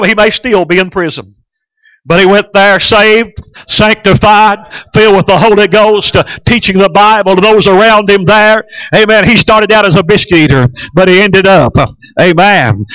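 A man's voice: high-pitched, normal speed, a bit bright, clear, resonant tone, dry recording, poor audio. A man preaching a sermon as a pastor, telling stories in a folksy way and often hesitating. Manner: folksy storytelling with frequent hesitations.

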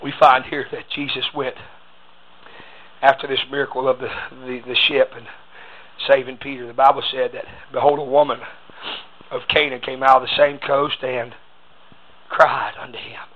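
A man preaching a sermon, starting each phrase with a rhythmic "uh" and breaking into shouted bursts. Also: medium pitch, level tone, normal speed, long pauses. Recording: phone-like raspy audio.

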